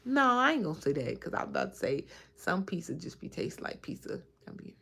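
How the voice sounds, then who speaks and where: Streamer in her thirties, gravelly low voice, chatty, answers comments on the fly. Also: wildly swooping pitch, brisk, fairly bright tone. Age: 30s. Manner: chatty, reacts to viewer comments; laughs often while talking. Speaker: livestream host. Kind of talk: casual livestream chat.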